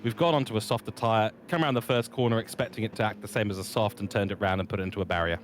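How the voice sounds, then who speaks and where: A man's voice: fairly low pitch, steady tone, rapid-fire, a little hiss or hum. A man commentating on a sim race, easygoing and analytical, drawing on his own driving experience.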